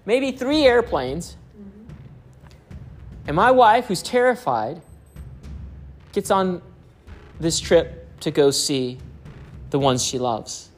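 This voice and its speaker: A man's voice: sits high, expressive, takes it slowly, pauses often, faint music behind. Chuckling man telling a sermon story. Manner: chuckles often while telling stories.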